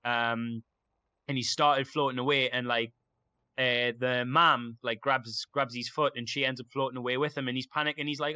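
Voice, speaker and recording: A man's voice: medium pitch, flat delivery, a little fast, sharp tone, clean tone, no room sound, highs cut off. A young man chatting casually and enthusiastically, rambling with lots of fillers. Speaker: podcast guest. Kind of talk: casual chat.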